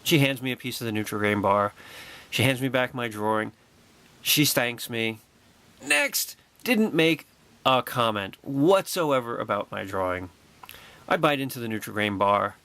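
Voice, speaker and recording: A man vlogging a personal anecdote with excitable, wry storytelling and a sarcastic edge. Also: mid-range voice, unhurried.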